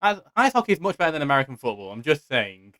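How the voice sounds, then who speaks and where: A young British man hosts a casual podcast chat in a slightly high, sharp, very animated voice, talking fast in chatty, giggly bursts with stammering restarts. He's on a home microphone with strict settings, and the recording is dry.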